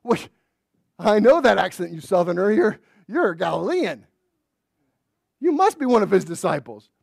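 A man acting out a suspicious bystander who accuses someone in a sharp, pointed voice. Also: high voice, very animated, moderate pace, vocal fry, dry recording, studio quality, voice pushed up, exaggerated voice. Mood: accusing.

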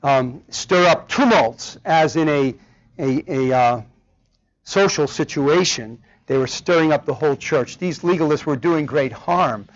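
A man's voice: a little high, a little slow. A man preaching a sermon with emphasis, often asking the congregation rhetorical questions. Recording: dull lo-fi recording.

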